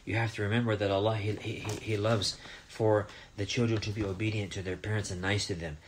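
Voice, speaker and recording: Gentle man teaching young children. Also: lowish voice, little pitch movement, brisk, slight background noise. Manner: asks questions, checks in with "huh?". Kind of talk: storytelling lesson for children.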